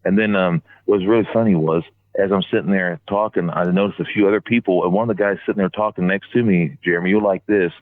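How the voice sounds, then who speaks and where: Deep-voiced man on a tinny phone line. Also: fairly even intonation, fast talker, no echo. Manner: rambling anecdotes with many restarts. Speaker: podcast regular recounting a fan convention trip. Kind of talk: casual phone-in storytelling.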